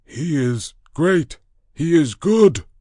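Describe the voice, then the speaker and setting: A man voicing an excitable monkey-man creature in an audiobook, who asks anxious, shrill questions. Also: drawn-out words, dry recording, studio quality, exaggerated voice. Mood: fearful.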